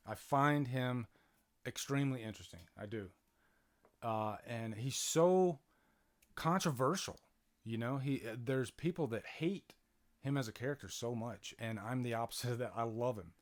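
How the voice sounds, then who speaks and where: A man's voice: medium pitch, normal speed. A man hosting a casual live-stream movie commentary from home, chatty, with many fillers and restarts, reading out and answering viewer comments. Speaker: channel host doing live movie commentary. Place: home, near a playing TV.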